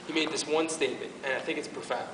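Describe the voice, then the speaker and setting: A man with a fairly high voice speaks fast in an informal faith talk to his parish youth group, earnest and emotional, restarting his sentences often. There's background noise, and he's recorded from a distance in an echoey hall.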